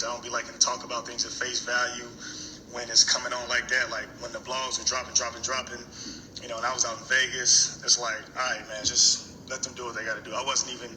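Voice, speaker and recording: A man giving a hesitant, measured public statement, reading from notes. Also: mid-range voice, bright, forceful tone, far from the mic, a little hiss or hum, low-quality recording. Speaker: celebrity in a played clip.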